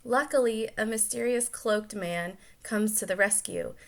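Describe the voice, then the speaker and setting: A woman's voice: mid-range voice, a little slow, vocal fry. Woman reading a storybook aloud with chatty asides. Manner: lively reading broken by chatty asides and self-corrections. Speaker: storyteller aunt. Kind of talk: reading a picture book aloud.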